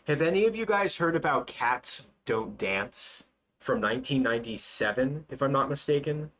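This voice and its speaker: A young man hosting a casual livestream, chatting in a rambling, excitable way with many fillers and restarts. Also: mid-range voice, normal speed. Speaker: livestream host.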